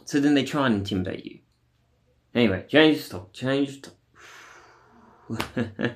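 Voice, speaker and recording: Angry swearing man venting. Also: mid-range voice. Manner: angry, swearing, rambling with many fillers. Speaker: vlogger. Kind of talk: casual venting monologue.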